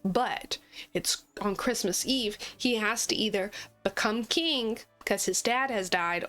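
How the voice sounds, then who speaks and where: A woman's voice: mid-range voice, takes it slowly, a bit bright, soft background music. A woman hosting a gaming channel, chatting casually and playfully with frequent giggles as she plays. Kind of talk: casual gameplay chat.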